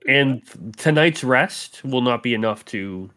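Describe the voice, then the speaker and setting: A man acting as game master, calmly describing scenes and calling for rolls. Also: medium pitch, measured pace. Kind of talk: running a tabletop game.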